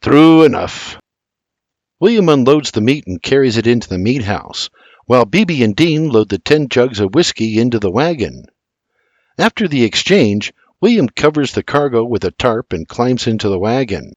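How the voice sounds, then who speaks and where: A man narrating an audiobook in a measured storytelling way. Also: mid-range voice, expressive, dry recording. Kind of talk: scripted narration.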